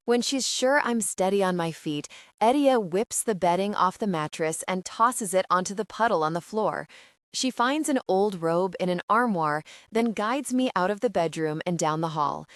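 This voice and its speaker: A woman narrating a fantasy audiobook in the first person, in a measured, steady way. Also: mid-range voice, no room sound, clean studio sound.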